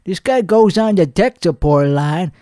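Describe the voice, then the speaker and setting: A man's voice: high-pitched, lively intonation, a little slow, dark tone, dry recording, clean studio sound. A man playing a crude, boastful podcast host who rambles and laughs at his own jokes. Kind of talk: improvised character comedy monologue.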